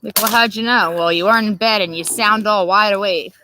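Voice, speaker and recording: A woman's voice: mid-range voice, fairly quick, sharp tone, a little hiss or hum, poor audio. A woman hosting a livestream, rambling, profane and laughing as she chats. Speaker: livestream host. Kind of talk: casual late-night chat.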